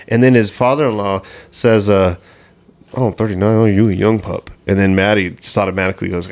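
A low-pitched man hosting a loose comedy podcast. He swears freely, laughs often and jumps into quoted voices as he tells his stories. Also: fairly quick. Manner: crude, laughing storyteller who acts out quotes. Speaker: podcast host. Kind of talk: casual comedy podcast chat.

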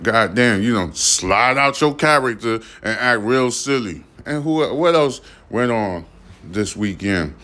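A man's voice: fairly low pitch, a bit bright. A man hosting a podcast, giving blunt, profane commentary full of fillers and repeats. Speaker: podcast host. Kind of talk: casual commentary.

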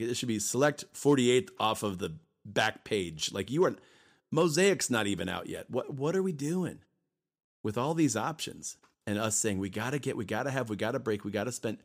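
A man co-hosting a podcast, talking casually and emphatically, often repeating himself and briefly acting out voices. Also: mid-range voice. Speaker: podcast co-host.

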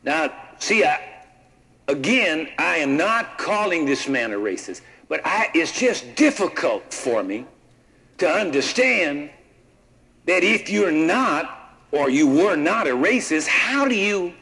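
A man's voice: a little high, very animated, takes it slowly, creaky, sharp tone, low-quality recording. A man preaching a sermon, reading scripture aloud and prompting the congregation to answer with "what?". He often repeats words and restarts his sentences.

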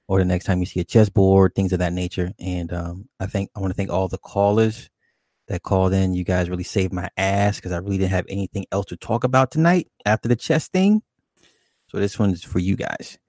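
A man's voice: low-pitched, warm tone, no room sound, studio quality. A man hosting a call-in show, telling a childhood story in a laid-back, profane way and laughing often. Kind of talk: casual late-night call-in storytelling.

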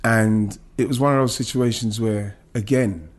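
A man's voice: lowish voice, fairly even intonation, normal speed. A man, a former footballer, recounting his career in an emotional podcast interview, with many restarts and some swearing.

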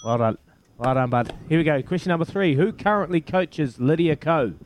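A man's voice: on the high side, lively intonation, moderate pace, background noise. A man hosting a breakfast radio quiz, matey and jokey with callers. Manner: matey, jokey, laughs often.

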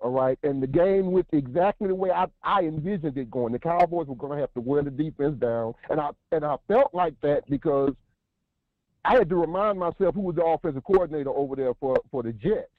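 A man calling in as a guest analyst who breaks down a game in long, energetic, running sentences. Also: fairly high pitch, fairly quick, no echo. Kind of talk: casual sports analysis. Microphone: phone call. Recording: tinny dry phone line.

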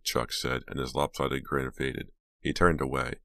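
A man narrating a horror audiobook in a steady, measured way. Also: extremely low pitch, vocal fry, dry recording.

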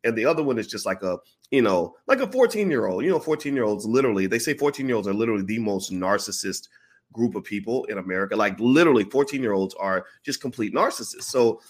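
A man's voice: lowish voice, fast talker. A man vlogger telling a story in a casual way, acting out the people in it. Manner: animated, acts out the people in his stories.

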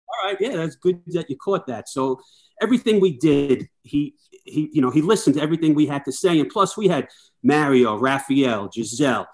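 Middle-aged male firefighter guest, mid-pitch, chatty storyteller who plays out the people he quotes. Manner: lively anecdotes, acts out quoted dialogue. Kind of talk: casual storytelling chat.

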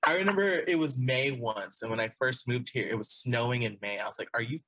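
Male podcast guest from Texas, bright voice, dry close sound, rambling casual chat. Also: mid-range voice, brisk, breathy edge, no echo, low-quality recording. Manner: chatty, repeats phrases, laughs often.

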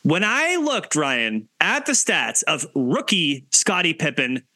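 A man co-hosting a sports podcast in casual chat, animated and talkative, often cutting in. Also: on the high side, takes it slowly, dry recording. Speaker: podcast co-host and team site writer.

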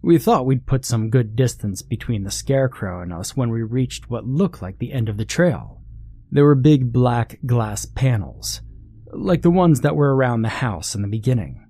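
A man narrating a first-person horror story in a steady, measured storytelling voice. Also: medium pitch, dry recording, clean studio sound.

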